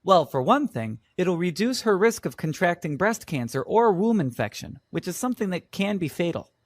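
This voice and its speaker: A man's voice: high-pitched, sing-song, moderate pace, dry recording. A man playing a patient vet in a scripted exam listening dialogue, explaining things reassuringly. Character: calm reassuring male vet. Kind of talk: scripted exam role-play.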